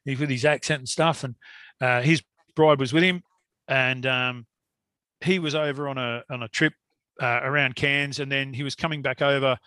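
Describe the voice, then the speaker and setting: A man's voice: medium pitch, steady tone, moderate pace, bright, forceful tone, dry recording, clean studio sound. A middle-aged Australian man telling a long story in casual conversation, rambling and laughing often. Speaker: guest hunter.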